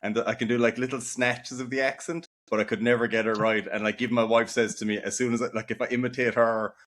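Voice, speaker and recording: A man's voice: mid-range voice, level tone, fast talker, a bit bright. A man in his forties with an Irish accent, a guest author chatting casually and rambling with fillers in a podcast interview. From Ireland.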